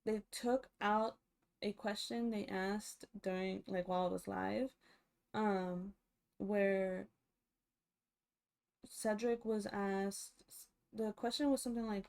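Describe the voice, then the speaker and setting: Slow, chatty young woman recapping TV. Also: mid-range voice, flat delivery. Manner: chatty, lots of fillers and restarts. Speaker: reality TV recap vlogger. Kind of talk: casual recap commentary.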